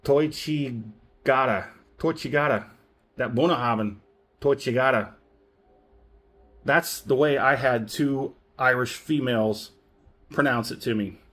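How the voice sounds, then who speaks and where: A man's voice: mid-range voice, normal speed, a bit bright. Rambling, chatty male whisky reviewer. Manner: rambling, chatty, self-correcting, chuckles often. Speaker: spirits reviewer. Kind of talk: casual product review.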